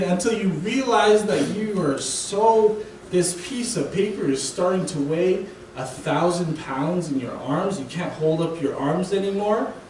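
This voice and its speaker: A young man preaches in a relaxed, chatty way, often pausing to ask "right?". His voice sits a bit high for a man. It is picked up from a distance in a booming, echoey hall, with a faint hiss underneath. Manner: casual, keeps asking "right?". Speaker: guest preacher. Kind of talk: conversational sermon. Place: church sanctuary.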